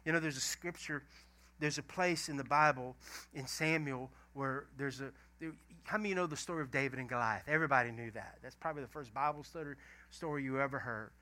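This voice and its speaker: Bright animated preacher. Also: male voice, medium pitch, brisk. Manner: animated, emphatic storytelling preaching. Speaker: pastor. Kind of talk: sermon.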